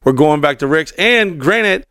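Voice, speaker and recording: A man's voice: fairly high pitch, lively intonation, measured pace, sharp tone, clean tone, no echo. A man co-hosting a podcast, telling a story in a rambling, profane way with lots of fillers. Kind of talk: casual storytelling.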